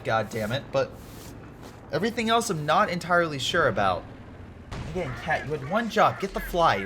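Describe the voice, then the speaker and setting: A man casually commentating a strategy game replay, animated and excitable, joking and swearing at the screen. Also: on the high side, noisy background.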